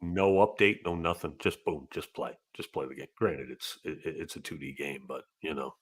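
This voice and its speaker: A man hosting a casual gaming podcast and reading out viewer donations, with animated talk that jumps from loud bursts to low mutters. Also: normal speed, slightly rough. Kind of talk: casual chat.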